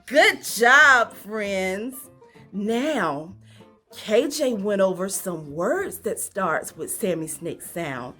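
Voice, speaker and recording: A woman teacher leading a phonics lesson for young children, speaking slowly in an encouraging sing-song and asking many questions. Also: mid-range voice, expressive, bright, forceful tone, faint music behind.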